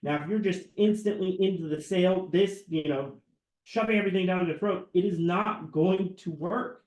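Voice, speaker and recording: A man's voice: high-pitched, moderate pace, a little mellow, reverberant, low-quality recording. A man co-hosting a sales webinar from an office room, earnest and enthusiastic as he tells stories about customers. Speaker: sales lead and webinar co-host. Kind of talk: casual webinar chat.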